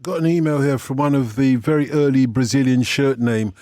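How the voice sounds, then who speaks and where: A man hosts a late-night radio phone-in from the studio, chatty and joking as he reads out listener emails. His mid-pitched voice sounds close and dry, with no room around it. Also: a little fast, warm tone, dry recording.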